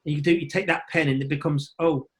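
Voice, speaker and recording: A man's voice: a little high, steady tone, fast. A male actor talking as a podcast guest in casual chat, rambling and enthusiastic, often restarting his sentences. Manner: rambling, enthusiastic, self-interrupting.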